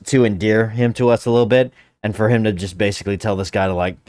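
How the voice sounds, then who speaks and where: Recorded in clean studio sound with no room sound, a reaction video host with a fairly low, darkish voice talks a little fast. He laughs and thinks aloud as he casually comments on the show he's watching.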